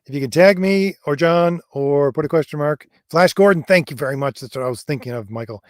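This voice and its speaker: A man co-hosting a casual livestream chat, speaking earnestly and filling pauses with hesitations. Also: fairly high pitch, no room sound, studio quality. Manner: earnest, fills pauses with um and quite honestly. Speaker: co-host and author.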